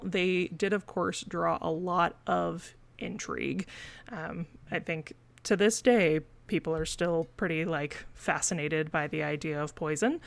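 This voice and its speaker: A woman's voice: lowish voice, vocal fry, fairly bright tone. A woman with a Missouri accent co-hosting a podcast in casual chat, full of fillers and laughing between points. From Missouri, USA. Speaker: podcast co-host.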